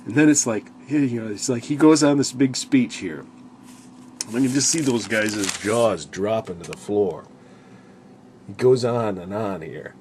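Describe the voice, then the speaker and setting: Speaking at a measured pace in a fairly low, darkish voice, a Bible study speaker offers loose, rambling reflections on a chapter of the Bible. He fills gaps with "you know" and bursts into the quoted lines, with slight noise in the background.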